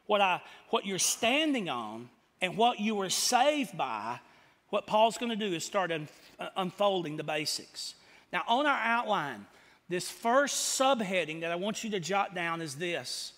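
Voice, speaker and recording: A man's voice: high voice, very animated, measured pace, a bit bright. A male pastor preaching an expository sermon in a folksy way, asking the congregation questions and answering them himself. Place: church sanctuary. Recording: long church hall reverb.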